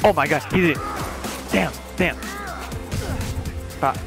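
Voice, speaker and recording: A young man commenting on his own gameplay, excitable and shouting curses at the game. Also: high voice, a little slow, long pauses. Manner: excitable, profane outbursts and yelling at the game. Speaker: gaming YouTuber. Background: game music.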